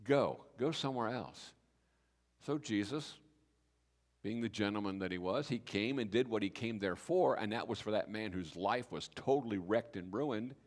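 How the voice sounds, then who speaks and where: A man preaching a sermon as pastor, telling the story with lively acted-out dialogue. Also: fairly low pitch, moderate pace. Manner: animated storytelling, acting out biblical speakers in voice. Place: church sanctuary. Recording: reverberant church hall.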